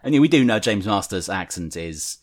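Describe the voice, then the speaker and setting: A man's voice: on the low side, animated, moderate pace. A man hosting a fan podcast, chatting casually and reading listener letters aloud. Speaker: podcast host.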